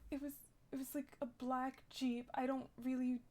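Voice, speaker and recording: A woman's voice: high-pitched, little pitch movement, moderate pace, darkish tone. A young woman telling a rambling, shaken story in character during a role-play game, full of "like" and restarts.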